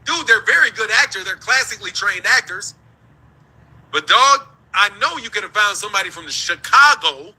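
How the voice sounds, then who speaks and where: A man from the United States rants in heated, profane commentary, laughing between his points. His voice sits high for a man and cuts with a hard, tense edge. He talks like a host holding forth on his own show. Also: lively intonation, moderate pace, bright, forceful tone, breathy edge, poor audio. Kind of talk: ranting commentary.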